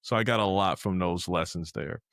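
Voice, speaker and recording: A male podcast host with a fairly low voice talks with his guest, full of enthusiasm. His speech is quick and energetic. The recording is dry and close. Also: creaky, no echo. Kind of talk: casual interview chat.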